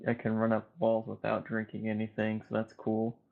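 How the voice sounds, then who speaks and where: Gravelly, halting man on a dull mic. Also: lowish voice, completely flat delivery. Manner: hesitant, halting, mock-boastful. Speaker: player. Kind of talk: casual chat at a game table.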